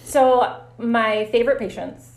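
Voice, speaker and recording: A woman physical therapist telling stories in a casual interview, animated and quick to laugh. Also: fairly high pitch. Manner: animated, laughs often, acts out her own reactions. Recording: roomy echo.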